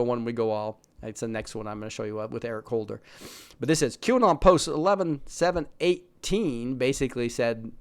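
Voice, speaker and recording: A man's voice: medium pitch, smooth. A man hosting casual political commentary, reading posts aloud, laughing often and putting on mocking voices.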